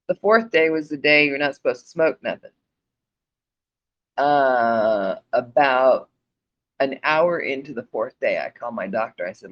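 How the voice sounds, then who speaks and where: A woman's voice: very deep voice, expressive, unhurried. A woman telling a personal story in a casual, profane and blunt way, often laughing. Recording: dull lo-fi recording.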